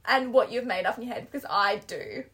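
A woman's voice: on the high side, expressive, a little fast, a bit bright. A young woman co-hosting a casual chat podcast, rambling and giggly with lots of "like" fillers. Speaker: podcast co-host.

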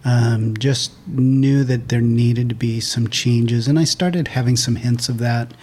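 A man's voice: medium pitch, steady tone, a little slow, a little mellow, husky. A man, a pastor, answering interview questions in a modest, thoughtful way. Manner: modest, thoughtful, hesitant fillers.

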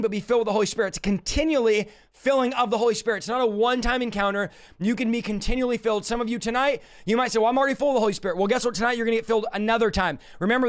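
Hoarse guy preaching on a stream, really high voice but smooth, pushing hard and repeating himself. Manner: urgent, exhorting, repetitive. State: hoarse, scratchy throat. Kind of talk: livestreamed sermon and prayer.

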